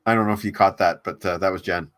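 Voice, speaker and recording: A man hosting a casual livestream, rambling with halting restarts and reading viewer comments aloud. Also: low-pitched, fairly even intonation, a bit bright, soft background music. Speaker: livestream host. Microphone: desk mic on a laptop stream.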